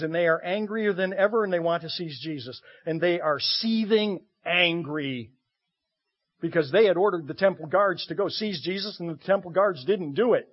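Husky pastor preaching with dramatic pauses. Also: male voice, sits high. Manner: expressive, swinging between loud emphasis and quiet asides. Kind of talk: sermon. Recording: muffled lo-fi recording.

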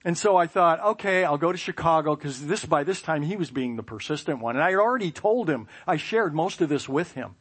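A man telling a personal story with self-mocking humor, lively sound effects and playful asides. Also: on the high side, brisk, few pauses, breathy edge. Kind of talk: personal anecdote.

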